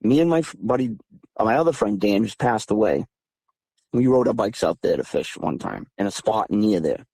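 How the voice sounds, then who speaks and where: A man in his thirties from southeastern Massachusetts, a guest recounting encounters over a phone call in an animated, emphatic way that climbs higher when he gets heated. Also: normal speed, husky. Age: 30s. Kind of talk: casual storytelling interview.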